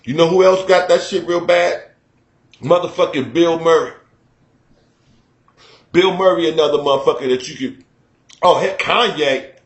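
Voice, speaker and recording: A Chicago man hosting a radio show, telling stories in blunt, profane, animated chat. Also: a little high, normal speed, pauses often, reverberant. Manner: animated, blunt, swearing storyteller. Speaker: radio host.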